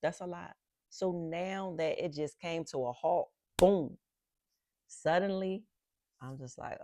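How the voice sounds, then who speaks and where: A middle-aged woman from Philadelphia hosting a podcast, reflecting on faith and rest with animated storytelling and emphatic repetitions. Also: lowish voice, slow pace, no room sound, clean studio sound. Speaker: podcast host.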